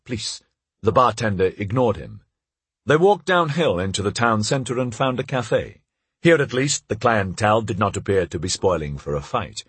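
A male audiobook narrator tells the story with a husky edge to his voice. His pitch moves expressively through each sentence, and he shifts only lightly for the characters' quoted lines. The recording is dry and close, with no room sound. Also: no room sound. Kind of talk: scripted narration.

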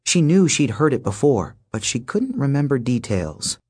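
A man narrating an audiobook in a steady, measured storytelling voice. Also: medium pitch, breathy edge. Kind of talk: scripted narration.

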